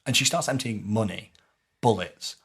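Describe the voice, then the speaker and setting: A man co-hosting a podcast, telling a story in casual chat and dropping to a low mutter for quoted lines. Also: moderate pace, fairly bright tone, breathy edge. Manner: recounts scenes with low muttered quoted dialogue. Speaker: podcast co-host.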